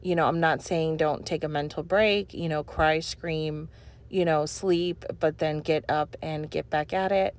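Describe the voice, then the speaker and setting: A woman's voice: deep voice, steady tone, measured pace. A young woman talking over her cleaning vlog in an earnest, rambling way, full of "you know" fillers. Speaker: cleaning vlogger. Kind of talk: heartfelt voice-over chat.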